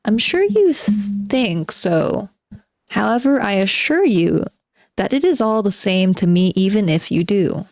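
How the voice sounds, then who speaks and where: A woman's voice: medium pitch, very animated, measured pace, dry recording, studio quality, soft background music. Bitter spiteful middle-aged recluse, read by a woman. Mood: sardonic. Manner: sardonic, self-mocking monologue addressed to "gentlemen". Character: spiteful bitter forty-year-old male recluse. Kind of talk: reading a novel aloud.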